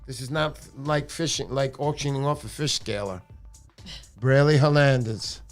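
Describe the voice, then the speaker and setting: A middle-aged man hosting a casual livestream, playful and jokey with loud bursts of excitement. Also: medium pitch, normal speed, faint music behind. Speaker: livestream host.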